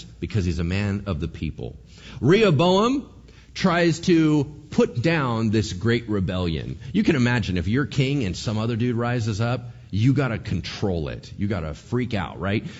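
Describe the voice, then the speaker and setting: A man preaching a sermon in a conversational, animated way, firing off rhetorical questions. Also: mid-range voice, breathy edge, highs cut off. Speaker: pastor.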